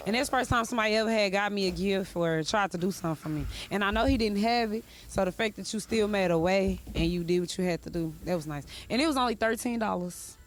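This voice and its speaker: A woman's voice: medium pitch, fast talker, few pauses. Woman laughing through a breezy anecdote. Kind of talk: interview anecdote.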